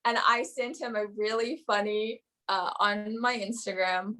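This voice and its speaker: A woman's voice: mid-range voice, steady tone, a little slow, pushed and bright. A woman, an actress, talking casually in an interview and filling her sentences with "you know" and "um". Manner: rambling, many "you know" and "um" fillers.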